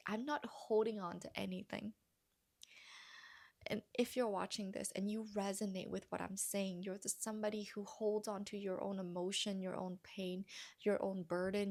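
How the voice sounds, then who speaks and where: A woman coach speaking earnestly and gently to her viewers, often dropping to a soft near-whisper. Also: mid-range voice, vocal fry. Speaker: vlogger and healing coach. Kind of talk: heartfelt personal talk to camera.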